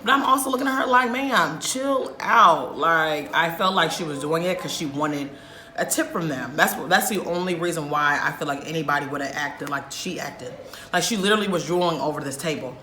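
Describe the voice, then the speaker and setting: A woman vlogger telling a story in an animated, emphatic way, swearing often. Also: low voice, fairly quick, roomy sound. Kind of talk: storytime vlog.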